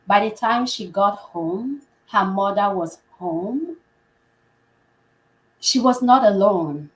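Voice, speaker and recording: A healthcare provider, a woman, telling a story with real animation. She slips into the voices of the people in her tale, and the room adds a noticeable echo around her middle-pitched voice. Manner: animated, acts out quoted dialogue. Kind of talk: conversational storytelling. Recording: roomy echo.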